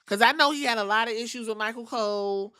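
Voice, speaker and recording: Middle-aged woman podcast host, casual and profane storyteller, bright and a touch high. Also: fast, smooth. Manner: animated storytelling, acting out quotes, swearing freely. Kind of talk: casual recap of wrestling episodes.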